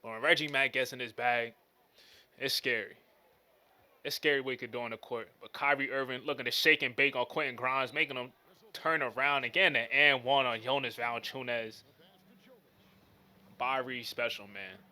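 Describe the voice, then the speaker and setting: A man's voice: medium pitch, steady tone, moderate pace, pauses often, bright, forceful tone. A man giving casual, slangy play-by-play commentary over a basketball video game. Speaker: gaming commentator.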